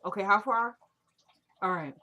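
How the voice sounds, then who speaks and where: A woman's voice: mid-range voice, measured pace, pushed and bright. Woman acting out a frantic young guy, urgent and pleading, tv recap. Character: panicked young adult son.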